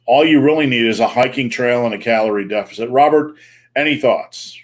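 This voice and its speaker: A man's voice: mid-range voice, fairly quick. A man hosting a live online Q&A, chatting casually and joking, with plenty of fillers. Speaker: host. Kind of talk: live-stream Q&A chat.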